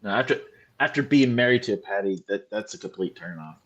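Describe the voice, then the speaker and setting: A man on a streamed panel, talking casually in a halting way and often repeating words. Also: lowish voice, animated, a bit bright, lo-fi sound.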